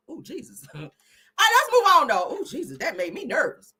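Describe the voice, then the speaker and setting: Husky, bright-voiced gossip host. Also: female voice, sits high, wildly swooping pitch, fairly quick. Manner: brash, profane, laughing, addresses viewers as "girl". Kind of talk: casual gossip commentary. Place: home live stream.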